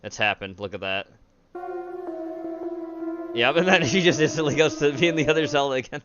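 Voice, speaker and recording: A man's voice: a little high, moderate pace, lo-fi sound, over music. A man hosting a casual show, reacting to clips and chatting with his co-host. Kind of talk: casual chat.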